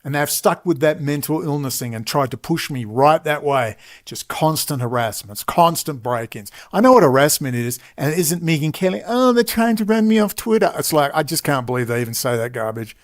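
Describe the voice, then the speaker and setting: A man's voice: medium pitch, brisk, hardly any pauses. A middle-aged man with an Australian accent, telling a long personal story with emphatic asides and frequent digressions. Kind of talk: rambling personal storytelling monologue.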